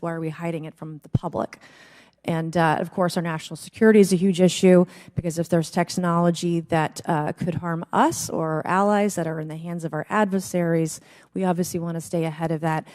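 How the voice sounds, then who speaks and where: A woman, the committee chairwoman, running a formal hearing in a brisk, procedural way. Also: lowish voice, darkish tone.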